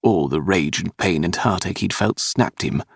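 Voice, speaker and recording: A man narrating a historical romance audiobook in a dramatic, expressive reading. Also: low voice, moderate pace, gravelly, breathy edge, no echo, studio quality.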